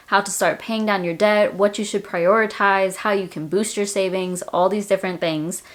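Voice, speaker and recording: Chatty American woman, low-pitched voice. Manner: chatty and friendly, says y'all. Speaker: personal finance YouTuber. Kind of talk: casual direct-to-camera finance talk.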